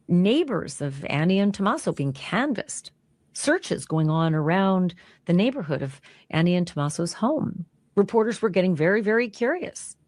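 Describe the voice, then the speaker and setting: A woman's voice: lowish voice, a little mellow, no room sound. A woman narrating a true-crime recap in a suspenseful storytelling way.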